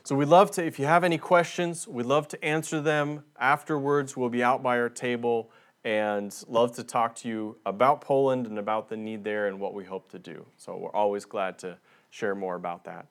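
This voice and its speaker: A man's voice: mid-range voice, steady tone, normal speed. A man speaking as a visiting missionary in a church, preaching earnestly and building emphasis as he makes his points. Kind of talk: sermon.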